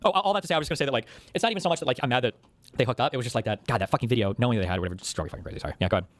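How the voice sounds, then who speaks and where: A man's voice: mid-range voice, rapid-fire, no echo. A man streaming a casual chat and venting in a heated, profane, rambling rant. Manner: heated, agitated.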